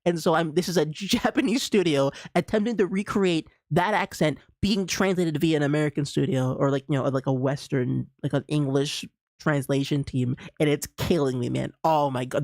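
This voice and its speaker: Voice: mid-range voice, normal speed, darkish tone, no echo, studio quality. A streamer with a Bermudian accent giving casual gameplay commentary, ranting in exasperation and laughing often.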